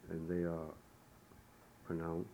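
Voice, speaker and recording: Slow deep-voiced man teaching pronunciation. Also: completely flat delivery, warm tone, rough recording. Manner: slow, deliberate, syllable by syllable. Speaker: language teacher. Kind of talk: recorded language lesson. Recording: old tape recording with faint hiss.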